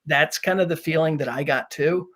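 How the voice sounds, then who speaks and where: Halting man explaining ghost-hunting tools. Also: a little high, fairly bright tone. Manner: halting, many restarts and fillers, explanatory. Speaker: paranormal investigator on a panel. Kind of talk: live panel commentary.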